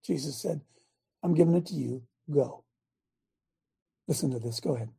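Gravelly emphatic male preacher-host. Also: on the high side, normal speed. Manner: emphatic, quotes scripture, bursts into shouts. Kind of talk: preaching commentary over a played clip.

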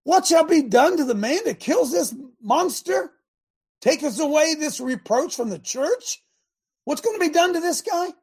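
Preacher shouting as an outraged young hero. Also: sits high, animated, measured pace, pitched above the performer's own voice. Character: indignant young shepherd hero, male. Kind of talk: sermon storytelling.

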